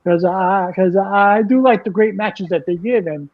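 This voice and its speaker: A man's voice: high voice, measured pace, phone-quality sound. A man co-hosting a casual wrestling podcast, rambling and stammering with frequent laughs. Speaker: podcast co-host.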